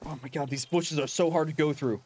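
A man's voice: on the high side, steady tone, a little fast, a little mellow, slightly rough. A young man giving casual, chatty commentary while playing a hunting game, laughing often and talking to his in-game dog. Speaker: gaming channel host.

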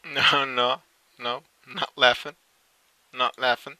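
A man's voice: mid-range voice, sharp tone. A young man giving casual reaction commentary, swearing often and insisting he is not laughing while giggling. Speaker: streamer reacting to clips.

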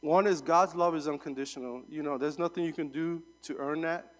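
A young adult man giving a sermon as a guest preacher, telling a story in a relaxed, conversational way with fillers. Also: on the high side, fairly quick, in a large hall.

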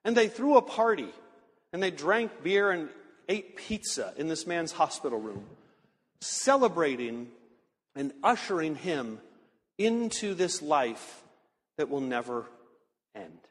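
A man with a high, light voice preaches a sermon in a church sanctuary. He tells stories earnestly and slows down on the words he wants to land. His voice rings out with a long hall reverb behind it. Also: sing-song, breathy edge. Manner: earnest storytelling, slowing for emphasis. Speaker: pastor.

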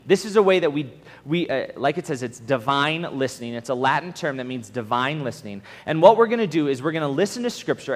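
Animated male camp speaker in a reverberant hall. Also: mid-range voice. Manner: animated storytelling with restarts. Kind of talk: camp sermon to youth.

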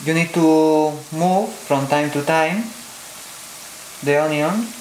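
Man, Spanish accent, slow careful cooking demo, fairly high voice, echoey kitchen, faint sizzling pan. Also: darkish tone, a little hiss or hum. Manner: slow, careful, non-native phrasing with fillers. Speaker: cooking channel host. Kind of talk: step-by-step cooking demonstration. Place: home kitchen.

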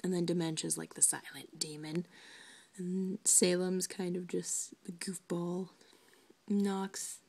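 An excitable woman vlogger with a dark, mellow voice full of gravelly fry. Her pitch stays flat as she chats, giggles and often slips into soft whispers. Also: slow pace. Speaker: doll maker vlogger. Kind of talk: casual chat.

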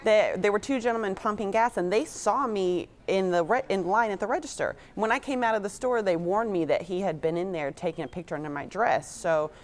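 A woman speaking as a guest in a TV interview, telling her story in an earnest, measured way. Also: medium pitch.

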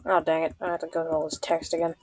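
A woman's voice: low-pitched, little pitch movement, racing, a little hiss or hum. A woman giving casual, joking commentary while playing a video game, with offhand muttered asides. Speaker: gamer. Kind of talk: casual let's play commentary.

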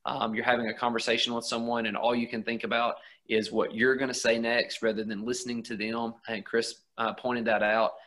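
A young male minister with a bright, forward voice at an ordinary pitch. He teaches in an easy conversational way and reads the scripture passages aloud with earnest emphasis. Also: level tone, fairly quick, hardly any pauses. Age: young adult. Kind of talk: conversational Bible lesson.

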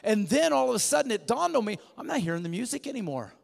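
A man preaching a sermon, telling a story animatedly and swinging from hushed to loud. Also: extremely high pitch, big pitch swings, fast talker, creaky. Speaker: guest preacher. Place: church sanctuary. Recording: church hall reverb.

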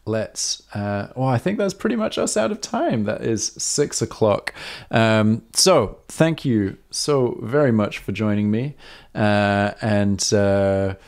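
A man's voice: fairly low pitch, slow, a little mellow. A man hosting a live harmonica Q&A, explaining techniques in a chatty way, full of ums and self-corrections. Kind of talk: casual live-stream teaching.

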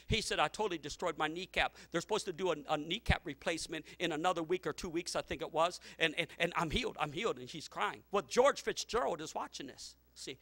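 A pastor preaching a sermon, telling stories with many repeats and restarts, and climbing to loud shouted lines. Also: male voice, high voice. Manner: storytelling preacher, repeats words, rising to shouts.

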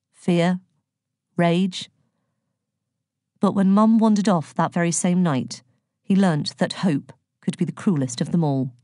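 A woman narrating an audiobook in a calm, gentle storytelling manner. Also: fairly low pitch, no echo, clean studio sound. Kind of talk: scripted narration.

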